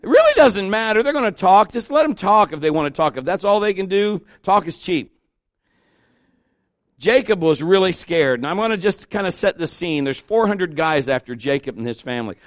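A middle-aged pastor preaching an animated sermon, acting out the people he quotes. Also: high voice, normal speed, dry recording, studio quality.

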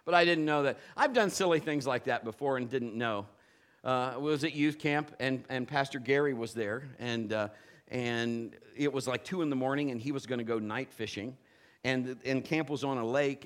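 A man preaching a sermon, telling lively personal stories and acting out the voices of the people in them. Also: mid-range voice, normal speed. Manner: animated storytelling, playful quoted voices. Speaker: pastor.

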